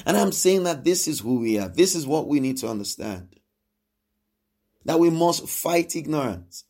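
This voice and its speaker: A man's voice: fairly high pitch, lively intonation, moderate pace. A man preaching a sermon, emphatic and repetitive, asking his listeners questions and acting out quoted speech. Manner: emphatic, repeats phrases, asks the congregation questions; acts out quoted speech with sudden swings in loudness.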